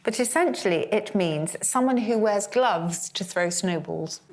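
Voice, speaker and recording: A woman sharing favourite words as a podcast co-host, bursting with enthusiasm. Her voice sits at an ordinary middle pitch and she laughs easily, in front of a live audience. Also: expressive, a little slow, darkish tone. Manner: bubbly, enthusiastic, laughs often. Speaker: podcast co-host, word expert. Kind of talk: enthusiastic conversational explanation.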